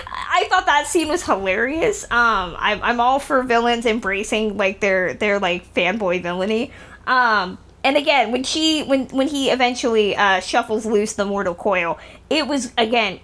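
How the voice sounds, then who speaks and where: A woman's voice: fairly high pitch, expressive, normal speed, fairly bright tone. A woman co-hosting a casual film review chat, talking with chatty, hesitant restarts. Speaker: film podcast co-host.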